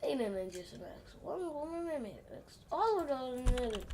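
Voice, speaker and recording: A young woman gaming streamer giving excited live commentary on her game, swearing often and dropping to mutters. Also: fairly high pitch, normal speed, few pauses, very noisy. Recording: keyboard clicks and typing behind voice.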